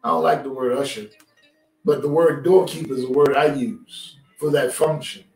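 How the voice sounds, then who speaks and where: A man's voice: medium pitch, steady tone, normal speed. A man preaching a streamed sermon as pastor, talking with his congregation and calling for responses. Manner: conversational preaching, calls for response. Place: church sanctuary. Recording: roomy, from a distance, music faint behind.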